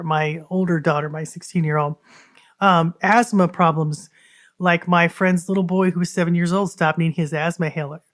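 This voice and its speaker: A woman hosting a podcast, telling a personal story in an earnest, conversational way and talking straight to her listeners. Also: lowish voice. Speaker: podcast host.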